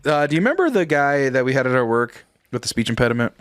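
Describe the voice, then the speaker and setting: A man's voice: medium pitch, sing-song, quick pace, a bit bright, a little hiss or hum. A male podcast co-host, slightly tipsy, telling rambling, profane stories in casual chat on a close mic. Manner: rambling storyteller, swears freely.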